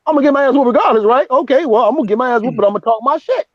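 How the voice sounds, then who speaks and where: A man co-hosting a casual chat, profane and animated, acting out what others said. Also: very high voice, racing, no echo, highs cut off. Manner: profane, animated, acts out quotes. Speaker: podcast co-host.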